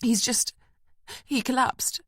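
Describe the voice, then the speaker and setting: A woman's voice: a little high, steady tone, slow, fairly bright tone, no echo, studio quality, voice pushed up. Woman doing a breathless, urgent woman detective. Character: tense woman police detective in a crisis.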